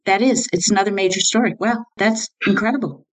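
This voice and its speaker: Woman host, mid-pitched, engaged listener who chimes in often. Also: dry recording, rough recording. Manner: engaged, reacting with quick interjections. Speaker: podcast host. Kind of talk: conversational interview.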